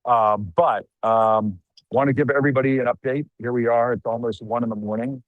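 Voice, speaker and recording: A man's voice: mid-range voice, steady tone, brisk, no room sound, narrow, tinny audio. A middle-aged man reporting live on the scene outdoors at night, conversational with wry asides and some fillers. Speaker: news show host reporting live. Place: outdoors at night among a crowd.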